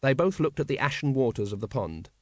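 A man reading a comic fantasy novel aloud as an audiobook narrator, with expressive, dryly comic storytelling. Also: mid-range voice, a little fast, no echo, clean studio sound. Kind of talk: scripted narration.

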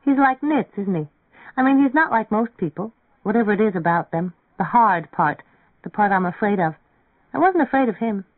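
A man's voice: high voice, expressive, normal speed, no echo, voice pushed up. A man voicing an earnest, naive young woman in an audiobook reading, with a dry, phone-like narrow sound. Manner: earnest, wistful.

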